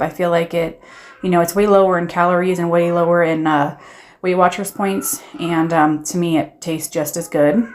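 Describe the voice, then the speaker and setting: A woman vlogger narrating a casual voiceover, chatty and upbeat, with frequent "um"s as she gushes about her food. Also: lowish voice. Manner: chatty, many "um"s, upbeat and gushing. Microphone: voiceover recorded while editing.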